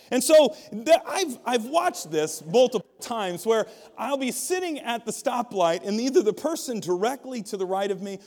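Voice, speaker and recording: High-voiced joking preacher in a hall. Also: male voice, a little mellow. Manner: humorous, conversational, quizzes the congregation. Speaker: pastor. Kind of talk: sermon. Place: church auditorium. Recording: long reverb of a large hall.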